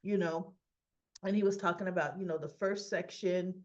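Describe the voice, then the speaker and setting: A woman's voice: lowish voice, steady tone, moderate pace, a little mellow, highs cut off. A woman chatting through a casual soap opera episode recap, acting out the characters' lines as she goes.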